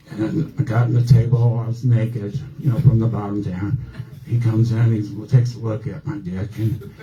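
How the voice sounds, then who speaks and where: A man in his sixties doing a stand-up comedy set, telling stories deadpan and acting out other people's lines. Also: mid-range voice, low-quality recording. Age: 60s. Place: comedy club stage.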